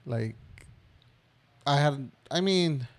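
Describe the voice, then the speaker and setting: This young man in his twenties co-hosts a podcast, rambling through a personal story casually with lots of fillers. His medium-pitched voice is expressive but very slow, captured in a dry recording.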